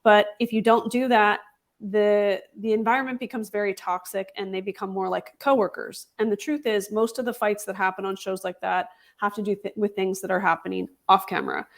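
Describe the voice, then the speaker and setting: A woman's voice: medium pitch, fairly even intonation, brisk, creaky. Assured woman explaining in an interview. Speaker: podcast host guest. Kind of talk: interview answers.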